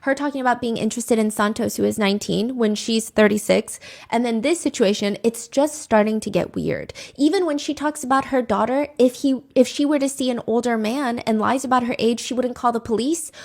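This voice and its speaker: Casual true crime storyteller, woman, opinionated, slightly high voice. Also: normal speed, vocal fry. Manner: chatty, opinionated, acts out quotes.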